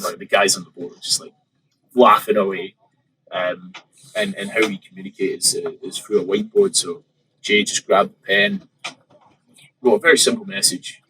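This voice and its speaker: A man's voice: lowish voice, pushed and bright, slightly rough, rough recording. A man, a podcast guest and open water swimmer, casually telling a story with many fillers and quoted thoughts.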